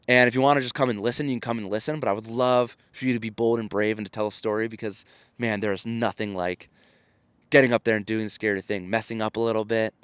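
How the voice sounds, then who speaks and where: With a clear, resonant, mid-range voice and no echo, this thirty-something host of his own show speaks alone in a casual monologue. A storytelling coach by trade, he comes across as earnest and encouraging, though he often starts his sentences over.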